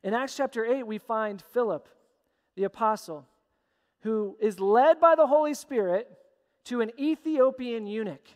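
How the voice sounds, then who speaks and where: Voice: mid-range voice, a little slow, a little mellow. A pastor preaching a sermon with emphatic, repeated phrases, recorded in a church sanctuary. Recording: long church hall reverb.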